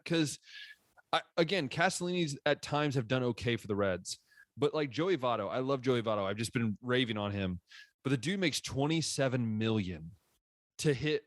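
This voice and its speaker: Male sports podcast co-host, mid-pitch, animated ranter, dry recording. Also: no echo. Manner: animated, ranting with frequent restarts. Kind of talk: casual sports chat.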